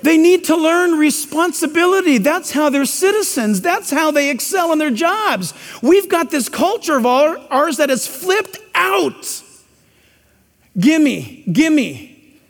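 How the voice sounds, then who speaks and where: A man's voice: extremely high pitch, expressive, normal speed, few pauses, fairly bright tone. A man preaching a sermon in a church, emphatic and preachy with joking asides. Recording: long hall reverb.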